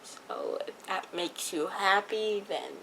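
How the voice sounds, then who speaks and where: A woman's voice: medium pitch, wildly swooping pitch, takes it slowly, creaky, pushed and bright, a little hiss or hum, low-quality recording. A teenage girl telling a personal story to her viewers in a chatty, rambling way. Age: teens. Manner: chatty, rambling, many fillers. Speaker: vlogger. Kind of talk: casual story time.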